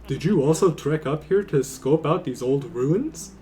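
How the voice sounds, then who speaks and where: A man's voice: fairly high pitch, expressive, unhurried, warm tone, faint music behind. A man doing a chatty, upbeat young game explorer. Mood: friendly. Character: friendly young male adventurer, chatty and upbeat.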